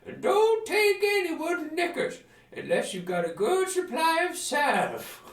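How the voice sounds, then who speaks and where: A man voicing a cranky, cryptic old male hermit with an American accent, shouting and crotchety. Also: very high voice, very animated, unhurried, pitched above the performer's own voice, heavily acted. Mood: rambling. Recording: roomy from mic distance. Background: game music.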